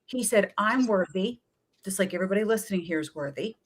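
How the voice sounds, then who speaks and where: A middle-aged woman, a wellness coach, telling lively stories in an interview and acting out what people said to her. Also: mid-range voice, fast talker, slightly rough. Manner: energetic, chatty, often acts out quoted voices. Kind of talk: animated storytelling in a talk-show interview.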